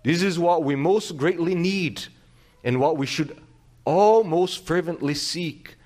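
A man preaching a sermon in a somewhat high voice. He teaches through rhetorical questions and restarts his phrases. He swings between loud emphatic lines and slow, quiet ones. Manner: emphatic, varies loudness and pace widely. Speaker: pastor.

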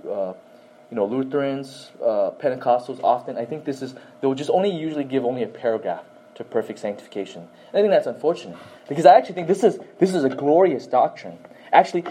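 A man's voice: mid-range voice, warm tone, slight background noise, poor audio. A man teaching a Bible class, often quizzing listeners with questions and adding "okay?" to his points.

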